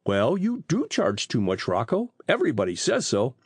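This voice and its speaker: Guy reading a cheeky teen boy, husky dry voice. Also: mid-range voice, huge pitch swings, moderate pace, no echo. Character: teenage boy, cheeky and bold.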